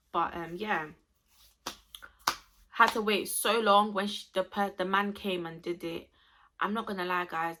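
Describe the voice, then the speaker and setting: A woman's voice: on the low side, pushed and bright. A young woman, chatting expressively to camera as she tells a personal story to her viewers. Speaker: vlogger.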